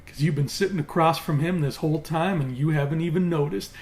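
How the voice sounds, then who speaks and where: A man voicing a hardcore, menacing gunslinger with a flat, threatening delivery. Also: fairly high pitch, brisk, lightly acted.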